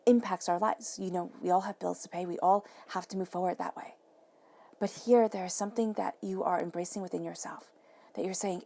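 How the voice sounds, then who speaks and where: A woman giving an earnest, encouraging tarot reading straight to the viewer, sometimes dropping to a soft whisper. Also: lowish voice, steady tone, fairly quick, gravelly. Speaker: tarot reader.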